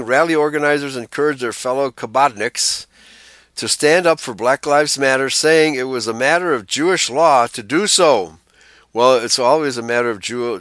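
A man's voice: medium pitch, a bit bright, no echo. Man reading aloud with blunt asides. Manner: reads out text, then breaks in with blunt asides. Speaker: pastor. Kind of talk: reading an article aloud with commentary.

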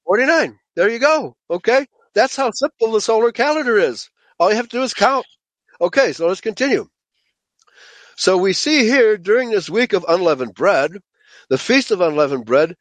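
A man's voice: high voice, dry recording. A man teaching a Bible study lecture to a group, emphatic and often checking in with listeners by asking "okay?" and calling them folks.

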